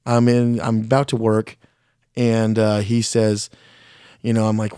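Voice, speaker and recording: A man's voice: fairly low pitch, monotone, a little slow, pauses often, warm tone, slight background noise. Blunt, swearing man telling a story. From Mexican heritage. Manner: blunt, heavy swearing, rambling; frank and self-critical. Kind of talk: casual storytelling chat.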